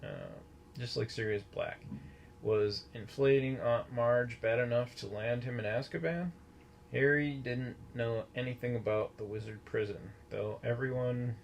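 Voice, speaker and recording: A man narrating a storybook in a steady, measured reading voice. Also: on the low side, gravelly, slight background noise. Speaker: audiobook narrator.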